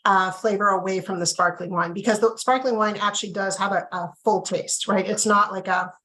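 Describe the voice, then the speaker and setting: A woman's voice: medium pitch, fairly even intonation, a little fast, sharp tone, low-quality recording. A woman from Canada, guiding a casual live wine tasting over a video call and explaining pairings in a chatty way, with plenty of ums. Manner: chatty, filler-heavy explaining.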